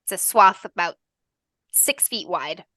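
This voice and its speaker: A woman narrating a tabletop game as game master, descriptive and quick to laugh. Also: lowish voice, expressive, pushed and bright, no room sound.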